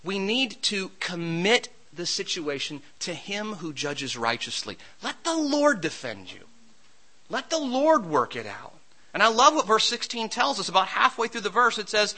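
Bright, lively-voiced male preacher. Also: sits high, moderate pace, poor audio. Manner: expressive, voices scripture figures dramatically. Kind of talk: sermon.

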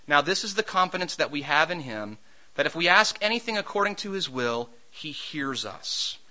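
Male preacher, high and very bright voice, conversational sermon delivery with storytelling. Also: poor audio. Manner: storytelling, shouts during a comic anecdote.

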